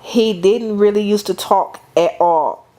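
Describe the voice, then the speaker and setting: Slow, deliberate middle-aged woman lecturing. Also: medium pitch, dark tone. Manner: deliberate, calls on the class, repeats and restarts phrases.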